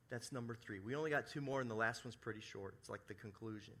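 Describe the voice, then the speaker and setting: A man preaching a sermon as pastor at a church service, acting out sample apologies and moving between loud emphasis and soft, hushed lines. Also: mid-range voice, fast talker, hardly any pauses. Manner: acts out quoted apologies in his own voice.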